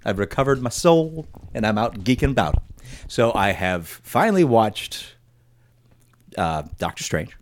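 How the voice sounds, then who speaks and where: Chatty, lively podcast host, a man. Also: fairly low pitch, measured pace. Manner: chatty, enthusiastic, stumbles and restarts as he talks. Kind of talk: casual chat.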